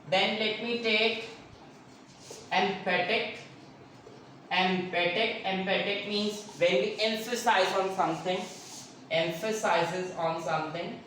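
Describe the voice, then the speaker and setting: A woman teaching an online grammar lesson, repeating key words and often checking whether students are clear. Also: mid-range voice, fairly bright tone. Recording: echoey room, distant mic, faint noise.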